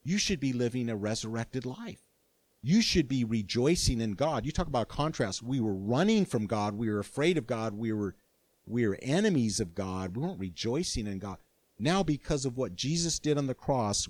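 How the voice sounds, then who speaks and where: An older man preaching a sermon with earnest, animated conviction. He often restarts his sentences mid-thought. His mid-pitched voice is recorded dry and close. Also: normal speed, no echo. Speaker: pastor.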